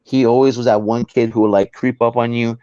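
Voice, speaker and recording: A man's voice: mid-range voice, brisk, clear, resonant tone, no echo, dull audio. A man guest on a talk show tells a personal story in a casual way, acting out the people in it. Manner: animated, acts out the people in his story.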